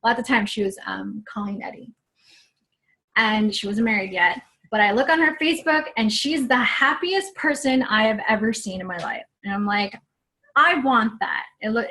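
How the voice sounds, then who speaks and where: A woman's voice: a little high, fairly bright tone. A young woman telling her personal story as an online fitness coach, chatty and earnest, acting out what she said back then. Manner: chatty and earnest, acts out her own quotes. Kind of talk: personal story on a live video.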